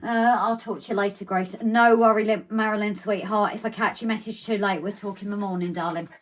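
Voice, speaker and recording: A woman's voice: mid-range voice, steady tone, brisk, a little hiss or hum, low-quality recording. A woman co-hosting a casual live stream, reading out viewer comments and greeting them as darling and lovely.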